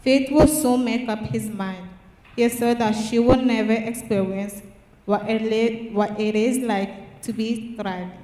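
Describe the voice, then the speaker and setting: A teenage girl reads her own poem in an earnest, slightly halting way, her voice pitched a little high. She is heard from well back in a reverberant church hall with a long, echoing tail. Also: steady tone, dark tone. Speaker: student writer. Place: church hall at a public reading. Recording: echoey church hall from far off.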